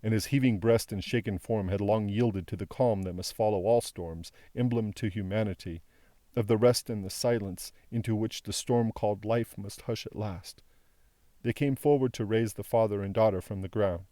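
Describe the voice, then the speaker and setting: Man with a mellow reading voice. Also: on the low side, moderate pace, no room sound, clean studio sound. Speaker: audiobook reader. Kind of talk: classic novel narration.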